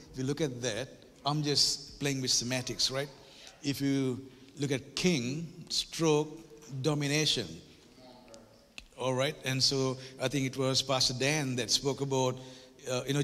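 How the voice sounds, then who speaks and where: A man's voice: medium pitch, fairly bright tone. A man giving a conversational church workshop talk, joking with the audience and building to emphatic preacher-like points with frequent tag questions. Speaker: guest workshop speaker at a church. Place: church auditorium. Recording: reverberant church hall.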